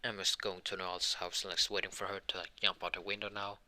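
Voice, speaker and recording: Tired young male storyteller, low bright voice, rambling improvised fan story delivery. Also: flat delivery, quick pace. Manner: rambling, hesitant, many restarts.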